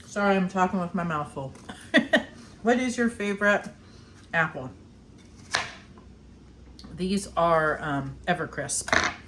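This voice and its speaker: A woman's voice: fairly low pitch, slow pace, long pauses, noisy background. A middle-aged woman casually walking through a kitchen task in her home kitchen, chatty and laughing often as she works. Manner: chatty, laughs often, talks while snacking. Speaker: homestead vlogger. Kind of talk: casual cooking demonstration.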